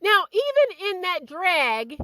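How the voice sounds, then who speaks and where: A woman hosting a celebrity gossip video, talking casually and reading a statement aloud with emphatic, animated delivery. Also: slow pace, no room sound, rough recording. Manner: animated and emphatic, drops low and quiet in asides.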